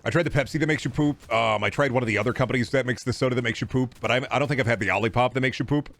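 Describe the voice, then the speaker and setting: A man's voice: mid-range voice, very fast, creaky, fairly bright tone. A young man streaming, rambling jokily and swearing in casual chat. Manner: jokey, profane, slips into silly put-on voices.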